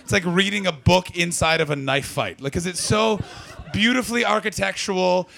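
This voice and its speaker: Male stand-up comic, Canadian, brash and swearing, bright forceful voice, crowd work. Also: sits high, normal speed, gravelly. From Ottawa Valley, Canada. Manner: brash, profane, teasing the audience. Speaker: stand-up comedian.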